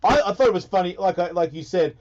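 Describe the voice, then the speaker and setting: A man hosting a radio talk show in casual chat, animated and excitable, swearing freely. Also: high-pitched, fast talker. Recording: dull lo-fi broadcast audio.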